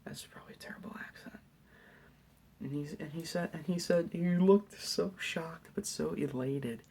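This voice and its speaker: A young man giving a soft, hesitant, whispered ASMR Q&A at home late at night, rambling with lots of fillers. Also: on the high side, moderate pace, vocal fry, slightly rough. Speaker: YouTuber answering questions.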